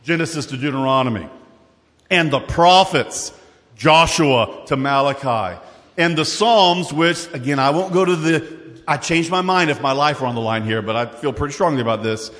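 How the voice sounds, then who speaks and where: A man delivers a sermon with lively, conversational energy, often stumbling over repeated words and breaking off into asides. His voice sits a little high for a man. The sound carries a long reverb, as in a large hall. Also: moderate pace. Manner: animated, conversational preaching with asides and repetitions. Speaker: pastor.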